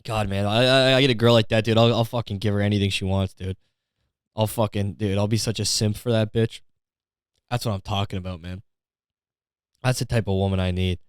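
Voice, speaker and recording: A man's voice: lowish voice, fairly even intonation, a little fast, clean tone, no room sound, studio quality. A young man hosting a comedy podcast, ranting in a profane, sarcastic way and slipping into mocking voices. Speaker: podcast host.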